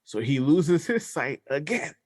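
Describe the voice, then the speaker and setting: A man's voice: a little high, unhurried, no room sound, clean studio sound. A man co-hosting a podcast, telling a story in casual chat and acting out the voices as he goes. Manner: animated storyteller, acts out voices. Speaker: podcast co-host.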